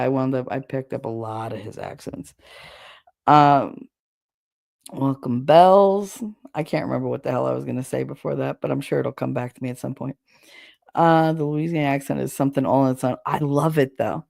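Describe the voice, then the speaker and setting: A woman's voice: deep voice, gravelly, darkish tone, no echo, clean studio sound. A woman with a Chicago accent chatting on a livestream, rambling, losing her train of thought and laughing often. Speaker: livestream host. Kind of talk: casual livestream chat reading comments.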